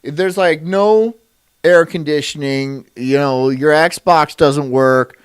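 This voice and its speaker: A man's voice: fairly high pitch, slow, clear, resonant tone. A man streaming, chatting casually in a crude, rambling way and laughing often.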